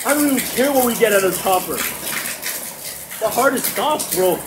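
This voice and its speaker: A mobile game YouTuber giving hyped, slangy commentary while opening card packs, shouting and laughing at big pulls. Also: mid-range voice, expressive, moderate pace, noisy background. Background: loud background music.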